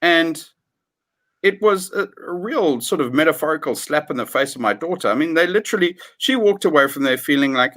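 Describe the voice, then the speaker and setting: A man's voice: on the high side, lively intonation, fairly quick, fairly bright tone. A middle-aged man from South Africa, a guest on a livestream chat, talking bluntly and swearing freely as he rants.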